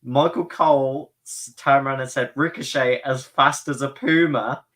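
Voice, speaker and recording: Man, podcast co-host, animated storyteller, mid-range voice. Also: mid-range voice, normal speed. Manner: animated storyteller, acts out quotes. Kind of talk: casual wrestling chat.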